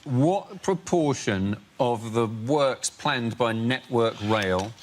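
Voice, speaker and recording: Male comic doing panel show gags, slow and lively pitch, noisy recording. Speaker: comedian panellist. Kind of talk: stand-up quip delivery. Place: TV studio. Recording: noisy compilation audio.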